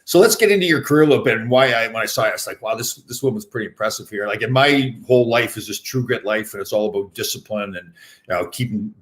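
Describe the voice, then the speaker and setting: A man's voice: medium pitch, fast, fairly bright tone. A man in his fifties hosting a casual interview, rambling with lots of fillers and restarts. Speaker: podcast host.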